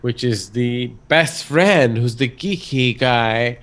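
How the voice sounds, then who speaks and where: Man, mid-pitched voice, laid back, casual movie recap, offhand swearing. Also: slow pace, fairly bright tone. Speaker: podcast co-host.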